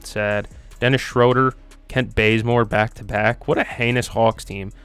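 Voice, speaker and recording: A man's voice: mid-range voice, fairly even intonation, normal speed, fairly bright tone, clear, resonant tone, soft background music. A young man hosting a quiz video, chatting casually and thinking aloud with lots of ums and self-mocking asides. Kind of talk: casual commentary while playing a quiz.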